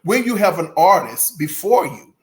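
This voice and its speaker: The speaker is a music channel host giving easygoing commentary in a mid-range voice at moderate speed. He laughs often, stays chatty and animated, and talks right to viewers with folksy asides.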